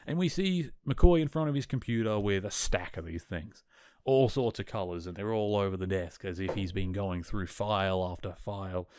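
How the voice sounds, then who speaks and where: A man's voice: fairly low pitch, normal speed, a little mellow, clean tone, no echo. A man hosting a podcast, casually recapping a TV episode and retelling scenes with quoted lines. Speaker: podcast host.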